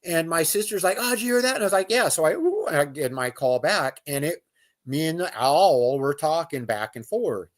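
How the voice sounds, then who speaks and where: A man's voice: fairly high pitch, big pitch swings, moderate pace. A man telling a personal outdoor story as a guest, in loose casual speech with fillers, restarts and imitated animal calls. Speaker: guest recounting an outdoor encounter.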